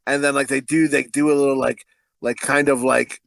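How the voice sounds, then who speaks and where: A man's voice: medium pitch, little pitch movement, normal speed, gravelly, fairly bright tone, no echo. A man co-hosting a podcast, talking in a crude, rambling way and laughing often. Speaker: podcast co-host. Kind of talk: casual podcast chat.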